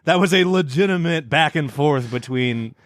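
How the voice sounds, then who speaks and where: A man's voice: on the high side, animated, moderate pace, fairly bright tone, no room sound, studio quality. A man co-hosting a podcast in casual chat, teasing the others with wry banter and swearing. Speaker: podcast co-host.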